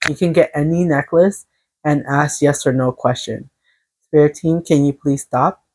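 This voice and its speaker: A woman giving a casual tarot reading, earnest and encouraging, rambling with halting restarts. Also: deep voice, darkish tone. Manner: earnest, encouraging self-help tone. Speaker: tarot reader.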